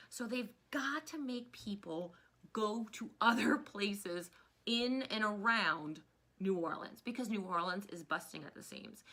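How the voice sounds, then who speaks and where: A woman in her thirties teaching a history lesson in a chatty, casual way, often veering off into animated personal rants. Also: mid-range voice. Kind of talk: casual recorded history lecture.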